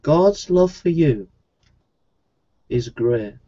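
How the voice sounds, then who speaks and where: Man, preacher, pleading sermon, repetitive, dark mellow voice, muffled lo-fi recording. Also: lively intonation, very slow. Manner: pleading, repetitive, with sudden rises into a high voice. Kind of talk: evangelistic sermon. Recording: dull lo-fi recording.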